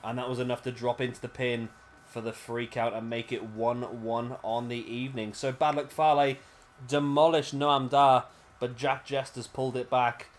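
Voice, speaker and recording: A man's voice: mid-range voice, level tone, normal speed. A British man giving chatty, rambling play-by-play commentary over a wrestling video game, often correcting himself mid-sentence. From Britain. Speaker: gaming commentator.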